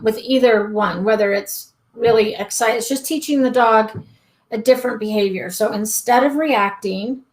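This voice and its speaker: Chatty woman dog trainer, fairly high voice. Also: rough recording. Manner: chatty, many ums and restarts, acts out the dog's thoughts. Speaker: dog trainer answering viewer questions. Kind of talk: live-stream Q&A, casual explaining. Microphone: webcam or desk mic on a live stream.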